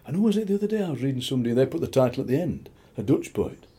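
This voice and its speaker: Racing along with big swings in pitch, a Yorkshire-accented poet and radio presenter in his sixties mixes poetry reading with rambling, anecdotal chat and chuckled asides. His voice is mid-range, mellow, and slightly rough.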